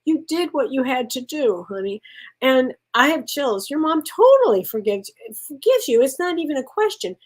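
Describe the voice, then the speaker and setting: A woman with a high, very animated voice works as a spiritual medium, fielding live-stream questions at a moderate pace. She is effusive and warm, laughs often, and addresses people as honey.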